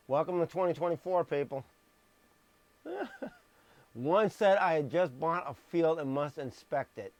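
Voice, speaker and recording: A man's voice: a little high, normal speed, no echo. A man reading scripture on a live stream, stressing words and dropping blunt, sarcastic asides. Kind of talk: live-streamed Bible message. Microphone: streaming microphone.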